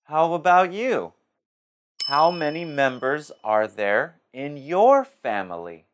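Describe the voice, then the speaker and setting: Slow, lively-pitched dialogue reader. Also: background noise. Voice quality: slow, deliberate reading. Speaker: practice dialogue speaker. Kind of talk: scripted textbook dialogue.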